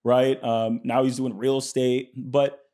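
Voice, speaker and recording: Male guest, conversational, animated anecdotes, mid-range voice. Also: medium pitch, measured pace. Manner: animated storyteller, acts out quotes; frequent fillers and restarts. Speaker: podcast guest, entrepreneur. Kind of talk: casual interview chat.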